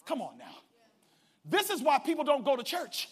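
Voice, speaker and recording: A man preaching a sermon, calling out to the congregation and swinging from hushed asides to shouted climaxes. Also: extremely high pitch, wildly swooping pitch, moderate pace. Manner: calls out to the congregation.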